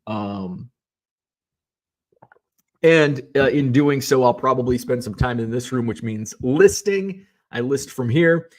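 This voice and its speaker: A man's voice: medium pitch, expressive, takes it slowly. A middle-aged man casually telling a story in his home basement, rambling with lots of fillers and restarts and the odd swear word. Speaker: card collector and seller. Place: home basement shipping room.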